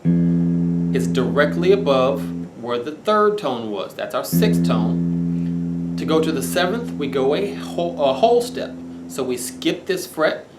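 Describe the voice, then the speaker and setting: A man teaching bass guitar, patiently counting out scale tones as he plays. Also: very animated, unhurried. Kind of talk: instructional lesson. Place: room with bass guitar playing. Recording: roomy echo with bass guitar playing.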